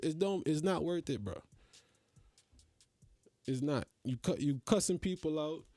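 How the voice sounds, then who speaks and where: A man's voice: a little high, lively intonation, measured pace, dark tone, no room sound, faint music behind. A man hosting a podcast, ranting in a casual, profane, exasperated way. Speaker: podcast host. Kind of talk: casual solo rant.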